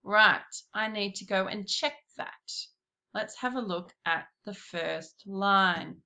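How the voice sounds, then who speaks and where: A woman giving a slow, patient classroom lesson, talking straight to her pupils. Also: medium pitch, bright, forceful tone. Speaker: primary school teacher.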